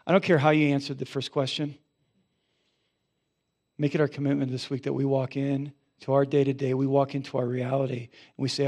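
A man who is a pastor, preaching a sermon with animated storytelling and then leading a quiet prayer in a church. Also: mid-range voice, brisk. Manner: animated storytelling, rising loud for emphasis, dropping soft in prayer. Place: church sanctuary.

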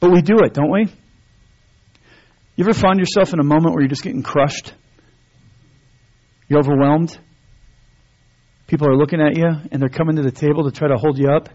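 A man's voice: fairly high pitch, fairly quick, pauses often, darkish tone. A man preaching a sermon to his church, talking conversationally with many restarts and building to emphatic stretches. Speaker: pastor. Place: church sanctuary. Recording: dull lo-fi sermon recording.

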